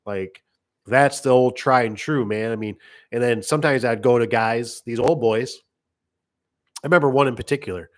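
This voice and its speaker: A man's voice: mid-range voice, moderate pace. Middle-aged tradesman, casual rambling anecdotes, everyday voice, fits a business owner's vlog. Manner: rambling, acts out customer voices. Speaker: garage door business owner. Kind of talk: casual storytelling monologue.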